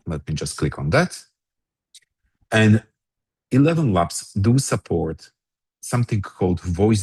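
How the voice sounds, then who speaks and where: Low husky guy explaining a software demo step by step, dry close mic. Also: dry recording. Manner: explains step by step, with frequent restarts. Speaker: workshop presenter. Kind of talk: live online software demo.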